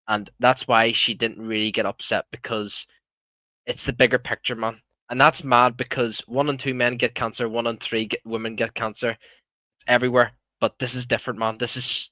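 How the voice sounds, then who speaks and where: A man's voice: medium pitch, level tone, normal speed, bright, forceful tone, dry recording. A young Irish man hosting a live stream, talking casually and heatedly, swearing often and calling listeners "man". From Ireland. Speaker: livestream host.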